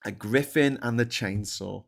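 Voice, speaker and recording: A man's voice: mid-range voice, measured pace, vocal fry. A man hosting a casual live-stream show, reading out news and commenting with sarcasm, swearing and many restarts. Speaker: host.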